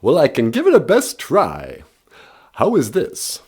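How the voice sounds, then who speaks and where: A man's voice: fairly high pitch, huge pitch swings, measured pace, a little mellow, slightly rough, heavily acted. A man voicing a courtly vampire count with a put-on Transylvanian accent and stagey laughter. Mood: triumphant. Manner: grand, stagey, bursts of "ah, ah, ah" laughter. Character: theatrical counting vampire, male, adult, courtly.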